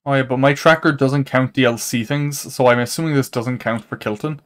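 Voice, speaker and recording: A young man chatting casually with his chat while he plays a game, rambling, saying "like" a lot and laughing often. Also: brisk. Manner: animated pitch jumps, laughs often. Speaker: streamer. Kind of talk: casual live-stream chat while gaming.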